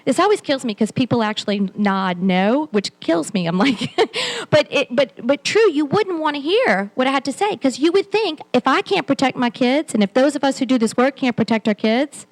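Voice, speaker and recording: Higher-voiced woman giving a keynote talk. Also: animated, normal speed, rough recording. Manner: candid, self-deprecating, many restarts. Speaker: keynote speaker. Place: conference hall.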